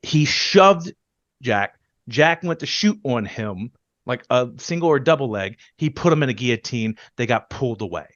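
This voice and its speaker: A man on a podcast in a heated, profane rant, his voice jumping up loud and then sinking low. He sits at a middle pitch. The recording is dry and a little dull, with no room sound. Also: expressive, no echo. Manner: profane, ranting, quick bursts that then drop low. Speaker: podcast co-host. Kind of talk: heated casual chat.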